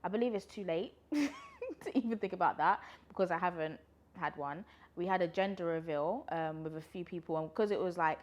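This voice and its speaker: A woman's voice: fairly low pitch, lively intonation, normal speed. A woman, chatting casually through a pregnancy Q&A vlog, a little out of breath and laughing often. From London, UK. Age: 20s. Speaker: vlogger.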